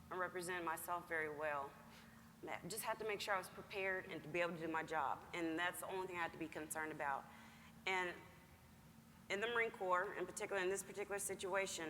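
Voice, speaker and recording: A lower-pitched woman with a bright, forceful voice gives a measured, steady account on stage. Her voice carries a long hall reverb over faint background noise. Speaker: Marine master gunnery sergeant panelist. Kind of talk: panel answer, personal account. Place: large conference hall.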